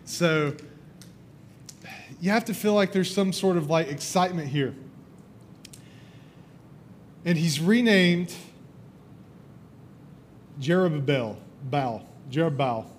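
Male preacher, sermon, animated storytelling, acts out the lines, slightly high voice, faint rumble. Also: measured pace, pauses often.

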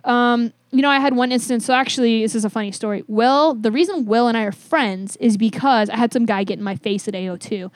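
Candid, high-voiced woman coach chatting. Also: fairly quick, hardly any pauses, no echo, clean studio sound. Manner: candid, animated storyteller who swears freely. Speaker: weightlifting coach. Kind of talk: casual podcast chat.

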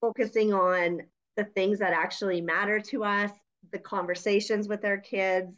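A woman's voice: mid-range voice, fairly even intonation, moderate pace, a bit bright. Earnest woman co-host, dull lo-fi sound. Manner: earnest, reflective. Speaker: podcast co-host. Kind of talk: casual chat.

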